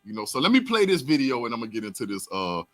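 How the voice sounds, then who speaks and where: A man's voice: medium pitch, sing-song, rapid-fire, a little hiss or hum. Hyped South Florida talk show host, man. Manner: loud, hyped, swings between shouting and mumbling.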